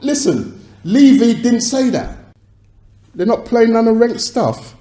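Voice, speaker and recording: An actor playing an agitated record label boss, arguing on the phone and swearing. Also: male voice, very high-pitched, expressive, takes it slowly, dark tone, reverberant, exaggerated voice. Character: angry male London record boss on phone. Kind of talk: dramatized film phone calls.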